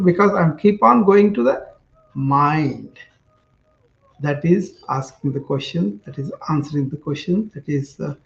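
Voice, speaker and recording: A man's voice: a little high, creaky, muffled recording. A man doing an earnest wandering monk. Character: earnest wandering male monk seeking answers.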